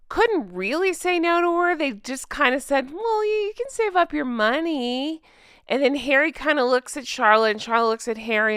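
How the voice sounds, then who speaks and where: A woman's voice: on the high side, a bit bright, smooth, dry recording, clean studio sound. A woman hosting a TV recap, ranting in an exasperated, sarcastic way and often breaking off mid-sentence. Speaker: show recap host.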